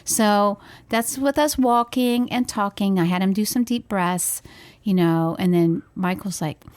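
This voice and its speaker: A woman's voice: mid-range voice, measured pace, no echo. A woman co-hosting a podcast as a parent, talking in a casual, earnest way and retelling events in detail. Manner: earnest, detailed retelling with soft quoted dialogue. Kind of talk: casual storytelling chat.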